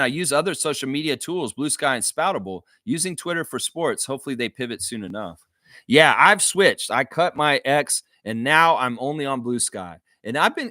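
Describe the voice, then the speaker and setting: A man's voice: medium pitch, pushed and bright, dry recording, clean studio sound. A man hosting a live stream, reading chat comments and ranting bluntly with frequent swearing. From Canada.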